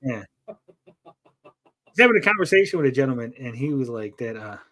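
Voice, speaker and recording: A man's voice: medium pitch, sing-song, a little fast, fairly bright tone, slight background noise. A man hosting a casual livestream, rambling and joking as he reads out chat messages. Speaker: livestream host.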